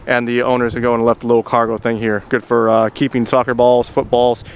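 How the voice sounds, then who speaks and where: A man's voice: medium pitch, flat delivery, a little fast, vocal fry. A man walking a buyer around a used car as a salesman, repeating "very, very" and addressing the buyer as "sir". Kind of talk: vehicle walkaround video. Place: outdoors at a car lot. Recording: noisy outdoor recording.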